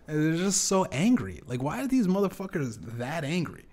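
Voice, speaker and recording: A young man hosting a solo podcast, ranting in a loose, profane, rambling way with sudden loud jumps in pitch. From Canada. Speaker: podcast host.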